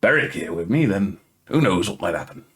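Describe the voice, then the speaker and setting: A man voicing a gruff adventurer who talks like a pirate, drawling yar and laddie. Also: low-pitched, very animated, a little fast, a crowd in the background. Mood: wary.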